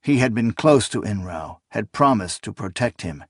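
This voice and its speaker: A man reading an audiobook in steady, unhurried scripted narration. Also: on the low side, breathy edge, no echo, studio quality.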